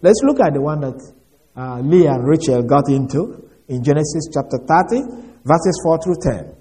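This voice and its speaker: Man, Bible study teacher, emphatic and explanatory, somewhat high voice. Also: animated, normal speed, mellow.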